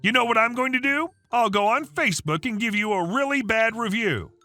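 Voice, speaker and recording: An entitled middle-aged woman shopper who demands her way, voiced high and bright by a man putting her on. She sounds indignant and pushy, with a lively, swooping pitch. Faint music sits behind her. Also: brisk, heavily acted.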